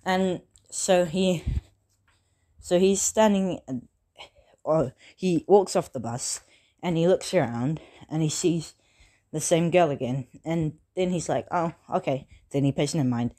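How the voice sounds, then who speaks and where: Low-voiced woman retelling a story haltingly. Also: mellow. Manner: halting, full of fillers and self-corrections. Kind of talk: casual retelling of a fan story.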